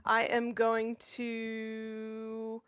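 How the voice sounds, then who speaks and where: A woman playing a tabletop game, talking hesitantly with many pauses and ums. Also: fairly high pitch, completely flat delivery, a bit bright, clear, resonant tone, dry recording, clean studio sound. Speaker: player. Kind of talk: casual tabletop play.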